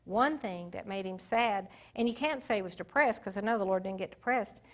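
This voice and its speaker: A woman giving an informal Bible teaching in a folksy, emphatic way, swinging between soft and loud. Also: medium pitch, brisk.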